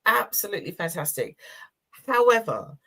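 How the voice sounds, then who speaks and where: With a medium-pitched, very animated voice at normal speed, this sixty-something woman co-hosts a community talk show. She tells her own stories casually, warmly and emotionally, laughing along the way.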